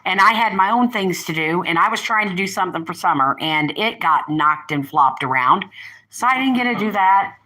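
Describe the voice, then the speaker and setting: An older woman hosts a casual livestream in an expressive, bright, medium-pitched voice with a forceful tone, speaking at normal speed. She rambles and chats, often breaking off to address her pets and family. The recording is rough.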